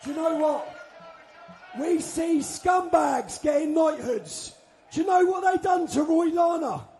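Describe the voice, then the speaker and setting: A man yells an impassioned address to a crowd at an outdoor protest, his voice pushed very high and strained. He talks slowly and deliberately, hammering each phrase, with a faint crowd murmur around him. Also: animated. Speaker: rally speaker. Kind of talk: shouted speech to a crowd.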